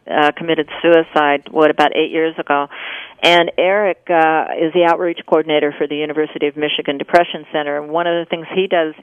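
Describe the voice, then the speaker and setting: A woman hosting a radio talk show, talking in a relaxed, conversational way with some hesitations. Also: deep voice, clean tone, dry recording. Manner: conversational, relaxed, halting fillers. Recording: dry narrow-band radio broadcast.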